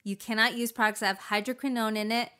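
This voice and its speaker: Bright-voiced woman hosting a podcast. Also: a little high, fairly even intonation, quick pace, smooth. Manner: giggly, stumbles over long words. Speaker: podcast host. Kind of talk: casual beauty podcast chat.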